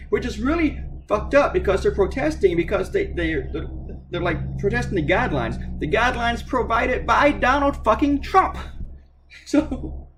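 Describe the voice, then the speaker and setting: A man's voice: a little high, a little hiss or hum. Sarcastic, cussing cartoonist man. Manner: sarcastic, profane ranting. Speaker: cartoonist livestreaming a drawing. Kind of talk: casual commentary while reading viewer comments.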